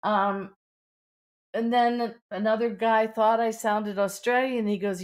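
A woman's voice: fairly high pitch, steady tone, takes it slowly. A middle-aged woman with a Pittsburgh accent, an author talking candidly in a podcast interview, full of "you know" fillers. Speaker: author guest.

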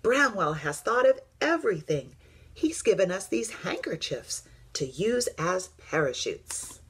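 A woman voicing a small, eager boy teddy bear with a high, excited voice in a storybook reading. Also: a little slow, slight background noise. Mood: reassuring.

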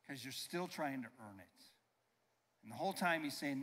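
A pastor preaching a sermon with emphasis. He slows down to stress key phrases and leads the congregation in call-and-response. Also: mid-range voice, lively intonation, a bit bright. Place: church sanctuary. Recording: long reverb of a church hall.

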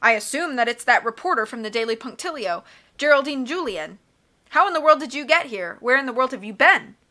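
A pompous, coughing middle-aged banker, as a woman reader puts him on, all bluster and scolding. His voice rides a touch higher than a man's usually would and rings bright and forceful, pushed loud as he barks orders. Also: animated, fairly quick. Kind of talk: audiobook character reading.

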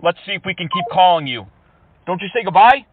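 A taunting man with a New Zealand accent, pitched a little high, makes prank calls and laughs at the people he has reached. His voice sits back from the mic and comes through thin and narrow, like a phone line. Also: expressive, fast, noisy background. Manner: mocking, taunting, laughs often. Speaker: prank caller. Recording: distant, phone-like sound.

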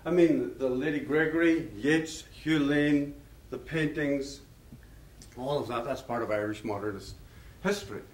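A male lecturer telling stories in a rambling, anecdotal manner and chuckling now and then. His voice sits at an ordinary middle pitch and sounds distant, picked up far from the mic in a roomy hall with a faint hum of ambience behind. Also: a little slow. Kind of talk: public lecture with storytelling.

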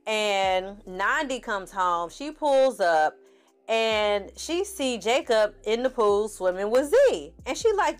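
A woman's voice: medium pitch, very animated, takes it slowly, smooth. A woman giving a sassy, chatty recap of a TV series and acting out the characters' lines as she goes. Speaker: TV series reviewer. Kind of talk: casual recap commentary.

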